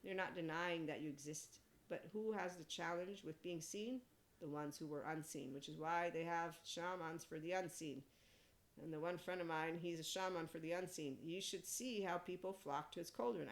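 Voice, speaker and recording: A podcast host with a notably low, gravelly voice talks at normal speed through a rambling, casual spiritual monologue on her solo show. She's blunt and salty, laughing often between thoughts.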